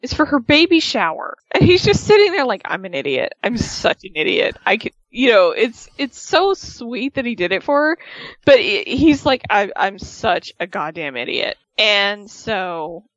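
A woman's voice: on the high side, unhurried, no echo. A woman co-hosting a radio podcast, recapping a reality show in casual chat and acting out the people she quotes. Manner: animated, acts out quoted voices. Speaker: podcast co-host. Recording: dull lo-fi dry sound.

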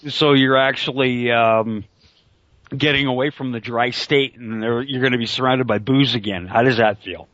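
Steady in tone, a middle-aged man speaks at a normal speed in a fairly bright mid-range voice with no echo. He rambles and jokes crudely while hosting casual online talk radio banter, heard through a computer call mic as dull lo-fi call audio.

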